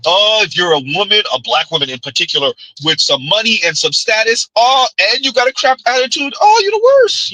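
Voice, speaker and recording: A man delivering a ranting commentary vlog in a high, very bright voice with a husky grain. He is blunt and preachy, tossing in sarcastic laughs and rhetorical asides, and the sound is dry and close. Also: no echo, poor audio. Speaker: commentary vlogger.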